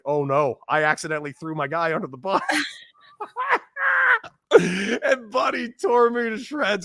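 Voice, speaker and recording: A man in his thirties, a former ball player, telling stories in a casual interview, animated and laughing. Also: sits high, dry recording, clean studio sound. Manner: animated storyteller, acts out quoted voices, laughs often.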